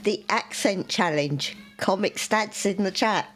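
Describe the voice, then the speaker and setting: A woman co-hosting a live-stream podcast, giving short, unhurried replies. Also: mid-range voice, fairly bright tone. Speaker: podcast co-host. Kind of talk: casual live-stream chat.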